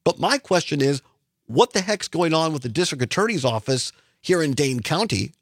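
A man's voice: a little high, lively intonation, moderate pace, no echo. A man hosting a talk radio show from a studio mic, reading news quotes and then pressing his own views with emphatic questions.

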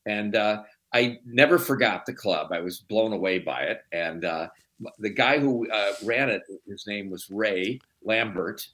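Middle-aged man, from chicago, interview guest, relaxed rambling storyteller, lowish voice. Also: measured pace. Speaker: documentary producer, guest. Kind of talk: conversational interview.

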